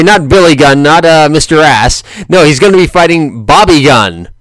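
A man's voice: on the high side, expressive, normal speed, a bit bright, no room sound, studio quality. Rambling, joking man talking boxing. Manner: rambling, self-correcting, laughs often, joking. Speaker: boxing commentator vlogger. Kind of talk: casual commentary monologue.

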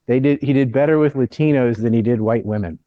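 A man's voice: mid-range voice, fast talker, no room sound, narrow, tinny audio. A man hosting a casual political chat, blunt and opinionated, ranting about the news.

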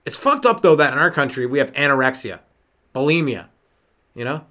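A man's voice: medium pitch, sing-song, fairly quick, bright, forceful tone. A man hosting a solo comedy podcast, rambling and riffing with many fillers, running on no sleep. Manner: rambling, riffing, lots of fillers and sudden voice jumps. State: sleep-deprived. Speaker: stand-up comedian and podcast host.

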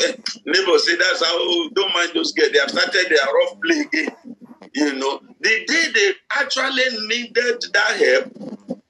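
A man's voice: sits high, bright, forceful tone, slight background noise, low-quality recording. A man preaching a sermon with fervent, repetitive exhortation and acted-out quotes.

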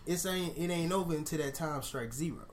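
Guy on a sports podcast, bit high voice, keeps saying "like i said" to hold the floor. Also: brisk, crowd noise. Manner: insistent, repeats himself to hold the floor. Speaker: podcast co-host. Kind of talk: heated casual sports banter.

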